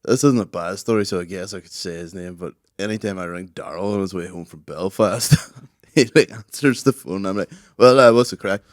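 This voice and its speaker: A man's voice: low-pitched, a little fast, dry recording. A young man, teasing his co-host and telling stories in a casual podcast chat. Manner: dry teasing, recounting stories.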